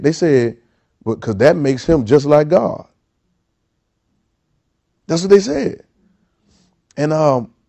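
Warm-voiced preacher exhorting a congregation. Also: male voice, fairly high pitch. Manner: exhorting, calls for congregation responses; rising to loud emphatic peaks. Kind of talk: sermon.

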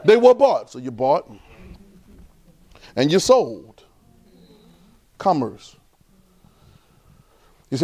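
Male preacher, high voice, chatty sermon delivery that teases and questions the crowd. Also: slow pace, long pauses. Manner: conversational preaching, quizzing the congregation, rising to a high excited pitch.

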